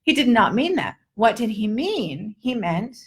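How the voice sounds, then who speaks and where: Woman, pronunciation coach, slow careful delivery, higher voice, playful drills. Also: very animated. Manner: playful, drawn-out word drills. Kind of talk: live online lesson.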